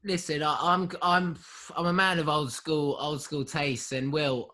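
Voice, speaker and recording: A man co-hosting a casual podcast chat, bantering in a lively, joking way. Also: on the high side, unhurried. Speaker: podcast co-host.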